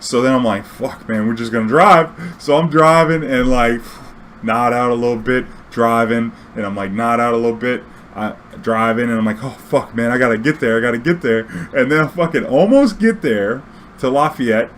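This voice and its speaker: A man's voice: medium pitch, moderate pace, slight background noise. A man telling a casual, profane story, acting out the dialogue as he goes. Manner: profane, animated, acts out quoted dialogue. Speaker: storyteller and streamer.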